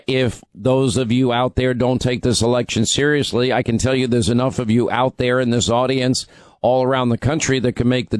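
A man hosting a radio talk show, hoarse from talking too much, rambling and restarting his sentences. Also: medium pitch, no echo. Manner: rambling, self-interrupting, stammers on restarts. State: hoarse, strained voice from overuse. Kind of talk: casual talk radio monologue.

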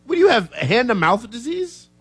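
A man's voice: very high-pitched, sing-song, moderate pace, breathy edge, no echo, faint music behind. A man co-hosting a sports radio show, teasing his partner in a playful way. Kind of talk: casual sports talk.

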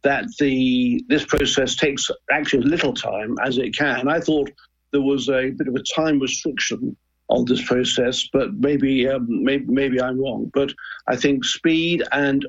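Older man, husky and hesitant. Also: medium pitch, fairly even intonation, unhurried, highs cut off. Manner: hesitant, repeats words, earnest. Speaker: guest, former football club chairman. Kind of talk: radio discussion.

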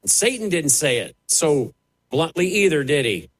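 Fiery preacher, lively pitch. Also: male voice, normal speed, husky, low-quality recording. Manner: fiery, emphatic, with mocking quoted voices. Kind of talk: preaching sermon.

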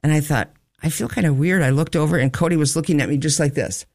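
A man swaps stories in an easy, casual chat, acting out the voices of the people in them as he goes. His voice sits a little high for a man. The sound is dry and close, with no room echo. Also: fast. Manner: animated storytelling, acts out quoted voices, laughs often. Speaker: storyteller in a chat.

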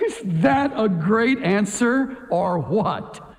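A man preaching a sermon in an emphatic way, pressing his point with rhetorical questions. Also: a little high. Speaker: pastor. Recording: echoey hall reverb.

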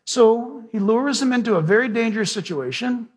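A man's voice: very high-pitched, lively intonation, normal speed, husky. A pastor preaching a sermon to his church, moving from storytelling into fervent prayer with repeated praise. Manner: preaching with rising emphasis and prayer.

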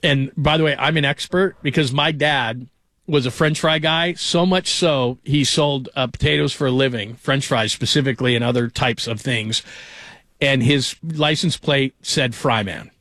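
A man hosting a sports talk radio show in a studio chats loosely, rambling and jumping from one story to another. His middle-pitched voice has a fairly bright tone and a moderate pace, and the recording is dry with no room echo.

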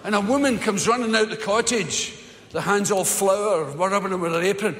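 A man's voice: high voice, normal speed, a bit bright. A Scottish man telling a rambling, sweary story in live stand-up, recorded in an echoey hall. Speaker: stand-up comedian.

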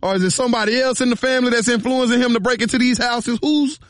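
A man on a radio show doing a prank call, posing as a police officer in a slow, mock-serious, teasing way. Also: very high-pitched, no echo, clean studio sound. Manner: mock-serious, drawn-out, teasing with a slight drawl.

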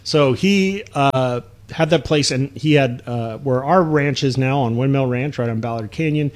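A man hosting a casual chat with his mother, telling a family story in an animated way and often checking facts with her. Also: medium pitch. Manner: animated storyteller, quick asides, seeks confirmation. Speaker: host interviewing his mother.

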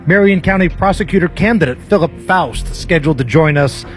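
A man's voice: fairly high pitch, fairly quick, faint music behind. A male talk radio host, bantering playfully and slipping into a mock newscaster delivery.

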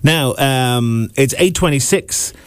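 A man's voice: medium pitch, slow pace, clean tone, dry recording, clean studio sound. Chatty Irish radio host man. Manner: chatty, rambling with restarts. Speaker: radio breakfast show host. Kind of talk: casual radio chat. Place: radio studio.

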